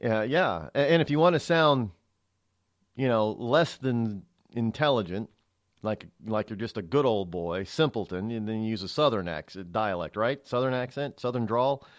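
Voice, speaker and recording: A man's voice: on the low side, animated, moderate pace, no echo. A man hosting a talk radio show from a studio, rambling through a monologue with many restarts and fillers. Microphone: studio mic.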